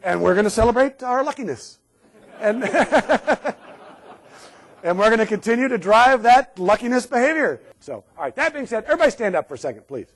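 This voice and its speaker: A middle-aged man giving a live safety talk to a room, sarcastic and lively, laughing often. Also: very high-pitched, normal speed, pauses often. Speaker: safety speaker.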